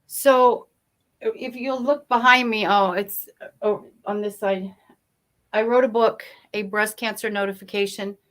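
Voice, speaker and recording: A woman's voice: medium pitch, steady tone, unhurried, a bit bright. A woman speaking as a guest in a motivational interview, emphatic and storytelling. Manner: emphatic, storytelling, shifts pace for effect.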